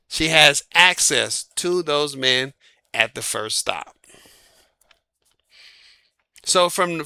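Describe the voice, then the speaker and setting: A man's voice: sits high, pushed and bright, smooth, no echo, studio quality. A man giving dating advice in a folksy, emphatic casual monologue. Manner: folksy, emphatic, laughs at own jokes.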